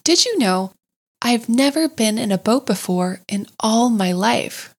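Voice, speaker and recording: A woman's voice: fairly high pitch, animated, measured pace, breathy edge, full character voice. A woman voicing a timid, wide-eyed young male mole in a storybook reading, eager and exclaiming. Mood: delighted. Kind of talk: storybook character voice.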